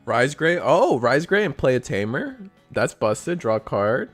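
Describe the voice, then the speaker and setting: A man hosting a store card game tournament stream, giving chatty, excitable play-by-play commentary to his chat. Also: mid-range voice, a little slow, faint music behind. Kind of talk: casual livestream play-by-play commentary.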